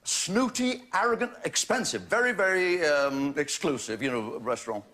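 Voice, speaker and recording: A man, hosting a stand-up routine and mocking his targets in quick runs that build to punchlines. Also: on the high side. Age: 60s. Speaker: comedian host. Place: TV studio with a live audience. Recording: loud audience laughter behind. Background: audience laughter.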